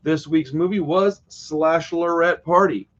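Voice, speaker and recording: Man, casual live stream host, sidetracked chatter, a bit high-pitched, muffled lo-fi audio. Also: unhurried. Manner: rambling, easily sidetracked, chatty.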